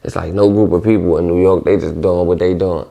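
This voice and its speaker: Low gravelly-voiced young D.C.-man. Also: fairly even intonation, brisk, mellow. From Washington D.C. area. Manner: loose, rambling, heavy on slang. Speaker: vlogger. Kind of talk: casual monologue.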